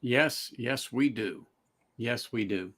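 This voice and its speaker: A man's voice: mid-range voice, slow pace, a bit bright, husky. A man guest on a casual whiskey live stream, thoughtful, drawing out his phrases, with dry jokes.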